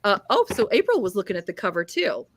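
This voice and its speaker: A woman's voice: medium pitch, sing-song, fast. A woman hosting a live book chat, gushing about a novel and reading out viewer comments in a casual, chatty way.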